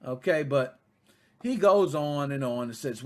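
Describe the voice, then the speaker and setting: A man in his thirties hosting a casual video game podcast, talking freely with swearing and sudden loud outbursts between quieter asides. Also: mid-range voice, expressive, a little slow. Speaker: podcast host.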